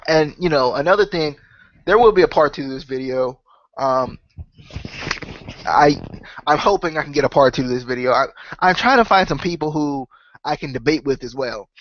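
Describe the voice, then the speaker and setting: A man's voice: fairly high pitch, moderate pace, long pauses, fairly bright tone, highs cut off. Sick-voiced man musing on wrestling. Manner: rambling, full of "right?" and "you know". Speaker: wrestling podcast host. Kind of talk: casual solo opinion talk.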